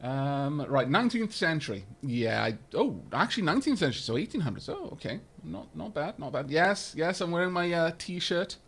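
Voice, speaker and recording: A man casually commentating his live-streamed game, talking in a rambling, chatty way with jokey asides, often stumbling over words and filling pauses. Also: on the high side, big pitch swings, a bit bright, slightly rough.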